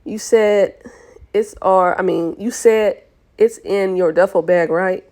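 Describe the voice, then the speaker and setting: A woman reading a young expectant father's lines in her own plain, gentle voice. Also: medium pitch, fairly even intonation, slow. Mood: tender. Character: young adult man, caring expectant father.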